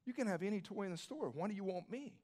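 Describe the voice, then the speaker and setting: A man's voice: high-pitched, lively intonation, quick pace, a little mellow, pitched above the performer's own voice. A man voicing a friendly, generous toy store owner who invites kids in, in an easygoing way inside a sermon story.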